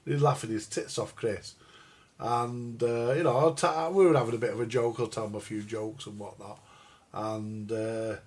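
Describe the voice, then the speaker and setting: An older man who collects records rambles on a live stream about records and radios, joking crudely and calling his viewers "guys." His voice is lowish, fairly even in intonation, a little mellow and slightly rough, at a moderate pace.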